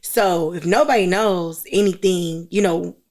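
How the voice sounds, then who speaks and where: Earnest gravelly woman podcast guest. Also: fairly low pitch, unhurried, darkish tone. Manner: earnest, encouraging, faith-focused advice. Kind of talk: casual chat.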